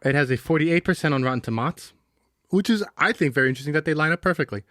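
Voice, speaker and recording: Podcast dude, deadpan jokes, calls everyone bro, dry close mic. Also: male voice, a little high, very fast, no room sound. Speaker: podcast co-host. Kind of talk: casual comedic chat.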